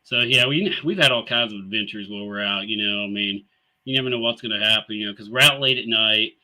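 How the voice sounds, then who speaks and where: A man talks casually as the host of a live show, pitched a little low. He rambles easily through his stories, full of fillers and light laughs. His voice has a very bright, forceful edge. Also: fast talker, rough recording. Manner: easygoing, rambling with many fillers and chuckles.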